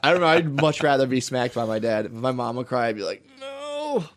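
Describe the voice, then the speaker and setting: A man co-hosting a podcast in casual chat, telling animated stories, acting out quotes and swearing freely. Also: medium pitch, quick pace. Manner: animated storyteller who acts out quotes; frequent swearing and "dude". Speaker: podcast co-host.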